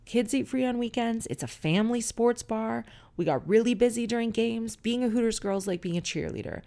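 A woman's voice: on the high side, a little fast, gravelly, dark tone. A middle-aged woman hosting a podcast, telling stories in a frank, chatty way and swearing casually. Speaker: podcast host. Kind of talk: casual solo podcast monologue.

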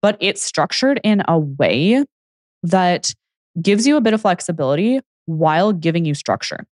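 This young adult woman hosts her podcast solo as a fitness coach, chatting casually, saying "like" often, and acting out the people she quotes. Her fairly low voice is animated and darkish in tone, at a moderate pace. It's studio quality and free of echo.

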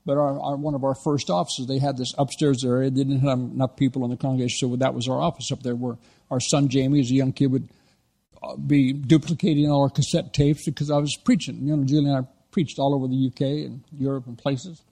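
An American man, middle-aged, preaching a sermon as an animated storyteller who acts out the lines he quotes. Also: medium pitch, fast talker, gravelly. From United States.

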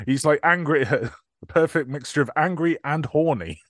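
A man's voice: on the high side, expressive, moderate pace, fairly bright tone, no room sound, studio quality. A man hosting a podcast, recapping a movie in casual chat, laughing often and hedging with fillers. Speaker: podcast host.

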